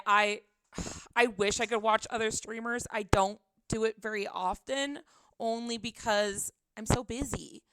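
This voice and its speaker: A woman's voice: fairly high pitch, creaky, a bit bright, a little hiss or hum. A young woman chatting casually on her live stream from her apartment, giggling often, her voice a little tired, into a desk microphone.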